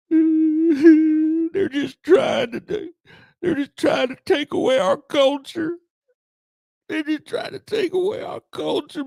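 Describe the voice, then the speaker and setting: A shrill, whining conservative man, all aggrieved complaint, pitched way up above his usual voice as a commentator mocks him. The voice is gravelly at the bottom and sits close in a dry room. It carries a sneering, put-upon parody tone. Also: a little mellow, dry recording, heavily acted. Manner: mocking, whiny, high-pitched complaining.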